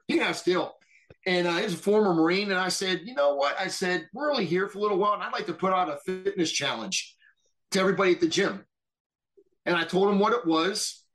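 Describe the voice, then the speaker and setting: A middle-aged man telling war stories on a podcast in a casual, profane and animated way, acting out what others said. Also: high voice. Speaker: podcast guest. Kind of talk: casual storytelling.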